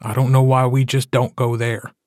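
A man's voice: mid-range voice, little pitch movement, normal speed, darkish tone, no echo, clean studio sound, close to an everyday voice. A man voicing a grumpy grown man in an audiobook, grumbling and threatening.

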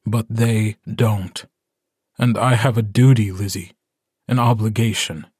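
A man's voice: lowish voice, steady tone, unhurried, a little mellow, husky, dry recording, studio quality. A man voicing a weary, stubborn young man who leads a wolf pack, speaking firmly in an audiobook. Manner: weary, firm. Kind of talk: audiobook character voice.

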